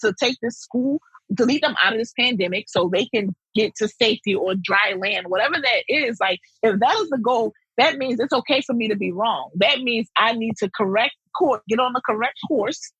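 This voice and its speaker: Female principal guest, strongly husky voice, emphatic and lively delivery. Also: fairly high pitch, moderate pace, no room sound, lo-fi sound. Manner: emphatic and animated, with repeated phrases. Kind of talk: interview conversation.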